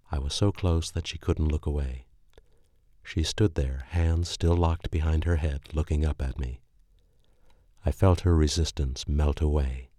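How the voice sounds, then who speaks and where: Brief: male storyteller, calm and measured, very deep dark voice. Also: no room sound, studio quality. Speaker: narrator. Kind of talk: first-person story reading.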